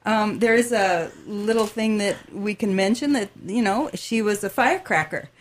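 A woman's voice: mid-range voice, moderate pace. A woman hosting a radio interview, friendly and chatty. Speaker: radio host.

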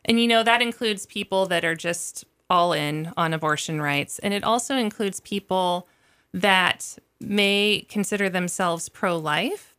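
A woman speaking as an interview guest for an advocacy group, earnest and reflective, with frequent pauses and soft laughs. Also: on the low side. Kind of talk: conversational interview.

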